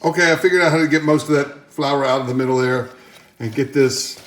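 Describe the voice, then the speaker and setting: A man's voice: medium pitch, steady tone, brisk, a bit bright, slight background noise. A man talks his way through cooking at home in a loose, folksy ramble and drops little joking asides as he works. The kitchen rings with echo, and faint clinks of pots and dishes sit underneath. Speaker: home cook hosting a cooking channel. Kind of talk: casual cooking demonstration. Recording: echoey kitchen with clattering pots.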